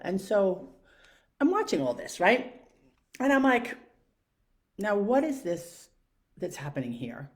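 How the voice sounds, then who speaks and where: Woman, middle-aged, New York accent, low pitch, chatty reflective monologue, filler words. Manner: animated storytelling, self-questioning, many fillers.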